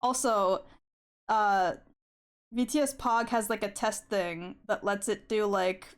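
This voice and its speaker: A woman's voice: medium pitch, fairly even intonation, takes it slowly, smooth. A young woman streaming while she draws, chatting in a rambling, giggly way and swearing casually. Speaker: art streamer.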